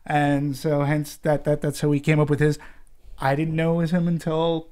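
Casual movie podcast co-host, hesitant, repeats words, medium pitch. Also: little pitch movement, moderate pace, darkish tone.

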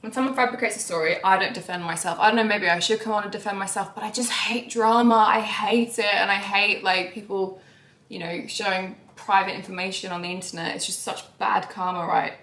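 A young woman vlogging about her life in a candid, emotional way. Her voice swings between soft, sighing lines and sudden raised outbursts. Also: medium pitch, fairly even intonation, fairly quick, echoey room. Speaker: YouTuber. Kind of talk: confessional vlog talk.

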